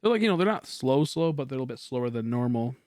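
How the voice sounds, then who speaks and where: A young man chatting casually on a game stream, quiet and rambling, humming between thoughts. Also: mid-range voice, expressive, very fast, no echo, studio quality. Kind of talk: casual livestream chat while gaming.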